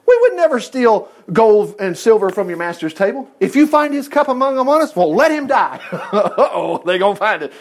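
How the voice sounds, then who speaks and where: A man preaching and retelling a Bible story in a playful, animated way, laughing often and acting out the characters' lines. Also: high-pitched, a little fast. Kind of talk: sermon-style Bible storytelling.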